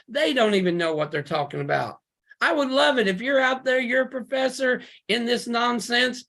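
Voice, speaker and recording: A man preaching a fiery, emphatic sermon over a video call, full of rhetorical questions and sudden loud bursts. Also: high voice.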